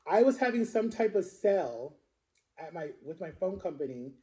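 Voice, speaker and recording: Rambling man telling a story, mellow tone. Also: sits high, big pitch swings, normal speed. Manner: rambling, conversational, lots of fillers and restarts. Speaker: social media creator. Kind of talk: casual storytime monologue.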